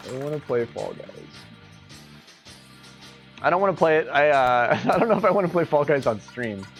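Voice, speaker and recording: A man's voice: on the high side, lively intonation, moderate pace, faint music behind. A man streaming a golf game, chatting casually, laughing often and swearing freely. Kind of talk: casual live game commentary.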